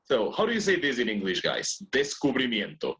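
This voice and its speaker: A man leads an English lesson over a video call. His voice rises and falls a lot, which keeps it lively. He patiently repeats each question until a student answers. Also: mid-range voice, brisk, poor audio. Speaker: English teacher. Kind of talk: online class teaching.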